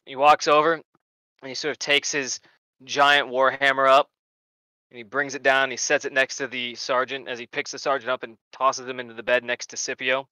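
A man narrating as game master of a tabletop game, animated and lively. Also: mid-range voice, moderate pace, clear, resonant tone, dry recording, rough recording. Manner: animated narration with voiced asides.

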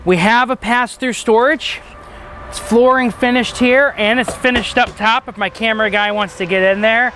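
Upbeat high-voiced RV salesman outdoors. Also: fairly even intonation, normal speed, sharp tone, slight background noise. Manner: upbeat, chatty, with fillers. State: has the hiccups. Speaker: RV dealership salesman. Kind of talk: walkaround product tour. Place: outdoors at an RV dealership lot.

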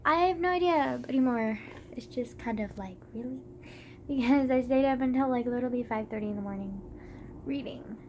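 A young woman with a high voice talks straight to camera in a loose, rambling way. She giggles often and fills her sentences with "like" and "um". Faint room ambience sits under her voice. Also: brisk, darkish tone, slight background noise. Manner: rambling, giggly, many fillers. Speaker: vlogger. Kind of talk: casual chat to camera.

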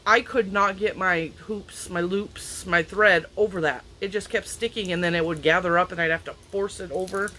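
A chatty woman talks through a haul of craft gifts, her voice bright and forward. She is open and emotional, laughing often and growing teary. Faint outdoor ambience sits behind her. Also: medium pitch, a little hiss or hum, rough recording. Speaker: crafting vlogger. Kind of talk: casual chat. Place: outdoors in a back yard.

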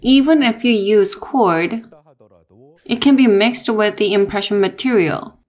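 A woman narrating a technical dental lesson in a measured, explanatory way, with small restarts. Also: mid-range voice, darkish tone. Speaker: dental lecturer.

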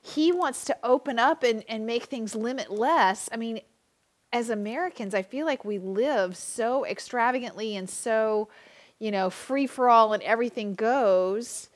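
A woman hosting an interview, talking enthusiastically and quickly with many fillers. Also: a little high. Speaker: host. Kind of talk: casual interview chat.

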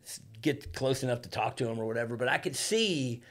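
A mid-range male voice, a little fast and a bit bright, with lively intonation, guests casually on a podcast recorded in a studio. He spins loose stories, curses freely, and acts out what people said.

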